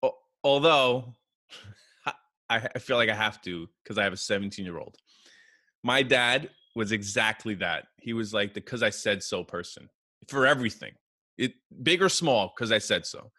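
A man's voice: fairly low pitch, animated, normal speed, sharp tone, dry recording, clean studio sound. A man in his forties co-hosting a podcast, asking rambling questions and joking at his own expense. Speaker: podcast co-host. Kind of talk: casual podcast chat.

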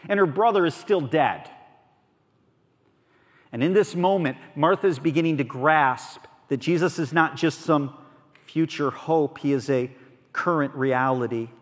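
A man preaching a sermon as a pastor, earnest and conversational, moving between soft and emphatic delivery. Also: fairly high pitch, measured pace. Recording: long reverb of a large hall.

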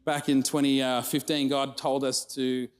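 A man's voice: mid-range voice, a little slow, smooth. An Australian man preaching a sermon, telling family stories and acting out the quotes, with the audience laughing along. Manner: storytelling with animated acted-out quotes. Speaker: pastor.

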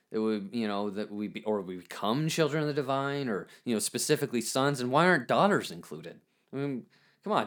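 A man of middle pitch hosts a solo spiritual podcast, working through his thoughts out loud. He stumbles over his words, repeats himself and fills pauses with "um" and "uh". Now and then he drops a wry, self-mocking aside. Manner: thinking aloud with fillers and restarts. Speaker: podcast host. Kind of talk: reflective spiritual podcast monologue.

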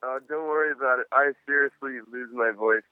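A laid-back man, a musician, chats casually as an interview guest. His voice comes through a tinny phone line with a dry, close sound. He sounds relaxed and friendly. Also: medium pitch, brisk, clean tone, no echo.

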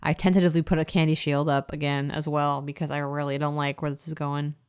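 A woman playing a tabletop role-playing game. She describes scenes in detail and reacts with lively exasperation. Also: sits low, quick pace, clear, resonant tone. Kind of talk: casual tabletop role-play narration. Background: music.

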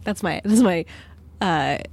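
A woman's voice: on the low side, takes it slowly, vocal fry, a little mellow, slight background noise. A woman co-hosting a podcast in casual, playful chat, laughing often. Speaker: podcast co-host.

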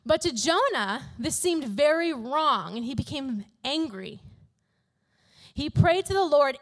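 A young woman telling a Bible story to a youth group in a casual, animated way, full of "like" and "literally". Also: high voice, unhurried. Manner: animated, chatty, fills talk with "like" and "literally".

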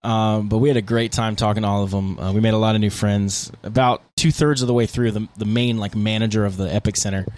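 A man's voice: lowish voice, steady tone, quick pace, few pauses, darkish tone. A man co-hosting a podcast, telling tour stories in a laid-back, casual way with lots of fillers. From United States. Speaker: podcast co-host, band guitarist. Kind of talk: casual chat.

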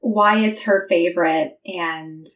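A woman's voice: on the low side, slow, fairly bright tone, reverberant, far from the mic. A woman co-hosting a casual book podcast, emotionally summarizing the plot in long run-on sentences. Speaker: podcast co-host.

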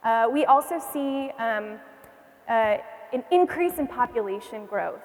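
High-voiced woman teaching a class. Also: lively intonation, measured pace, darkish tone. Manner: engaging, asks the class questions and repeats their answers. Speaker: church history teacher. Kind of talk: classroom lecture. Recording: long reverb in a hall.

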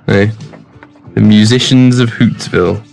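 A man's voice: fairly low pitch, unhurried, creaky, darkish tone, soft background music. A young man co-hosting a casual chat, running a word game with playful, rambling asides. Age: young adult. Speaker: co-host.

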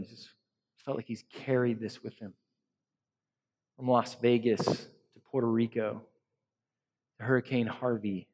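A man preaching an earnest sermon as pastor to a congregation, swinging between loud emphasis and soft hushed lines. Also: medium pitch, big-room sound. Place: church hall.

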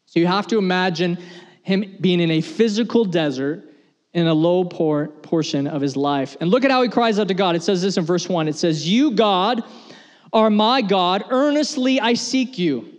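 A man's voice: sits high, moderate pace, a little mellow. A man preaching a sermon as pastor, earnest and conversational, repeating phrases as he builds his points. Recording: long hall reverb.

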